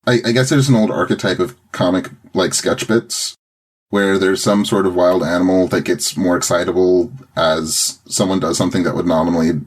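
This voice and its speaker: A man co-hosting a podcast, chatting casually with dry, measured remarks. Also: low-pitched, steady tone, breathy edge. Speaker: podcast co-host. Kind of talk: casual chat.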